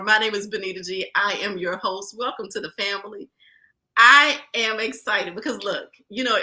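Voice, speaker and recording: A woman with a Southern accent from rural Virginia, hosting a podcast in a lively, folksy, chatty way. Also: mid-range voice. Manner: lively, folksy, talks straight to listeners. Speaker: podcast host. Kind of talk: casual podcast chat.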